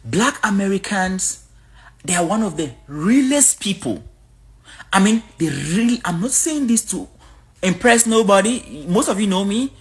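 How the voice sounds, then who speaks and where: A woman from Africa speaks straight to her viewers in a casual vlog. Her talk is blunt and outspoken, and her pitch swings a lot from line to line. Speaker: vlogger.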